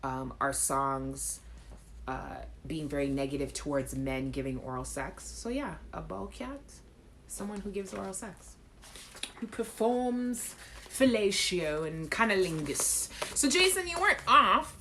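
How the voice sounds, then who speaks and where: A woman's voice: on the low side, animated, unhurried, pushed and bright, a little hiss or hum. A woman hosting a live chat show, talking casually to viewers, reading out their comments and laughing. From Caribbean.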